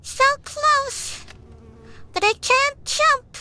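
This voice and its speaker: Super high bright-voiced woman streaming a game, slow and teasing, bit of hiss. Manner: playful, teasing, chatty with the game. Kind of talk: casual gameplay commentary.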